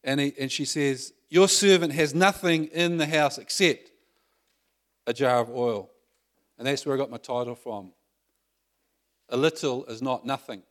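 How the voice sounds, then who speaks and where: A man's voice: mid-range voice, measured pace, pauses often, fairly bright tone. Male preacher, conversational sermon, asks the room questions, mid-range voice.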